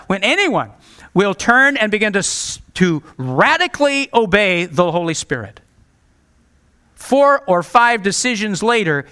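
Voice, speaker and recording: A male pastor delivers a sermon in an earnest, direct way, pressing his listeners to hear him. His voice sits a little high for a man and rings bright and forceful.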